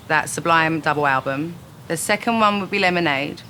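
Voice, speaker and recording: A woman, a singer giving frank, dry quick-fire answers in a casual interview at home. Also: deep voice, lively intonation, bright, forceful tone, a little hiss or hum. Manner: frank, dry, laughs easily. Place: her home.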